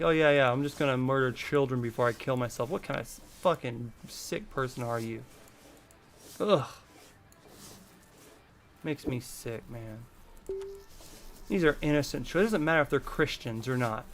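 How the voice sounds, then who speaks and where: A man in his thirties from the United States, delivering a heated, profane vlog rant full of repetition. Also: mid-range voice. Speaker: vlogger. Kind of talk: angry political rant.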